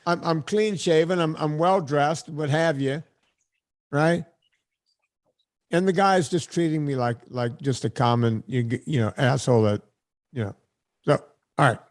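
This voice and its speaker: An older man hosting a podcast, telling a profane, exasperated story in casual chat. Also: on the high side. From California. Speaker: podcast host.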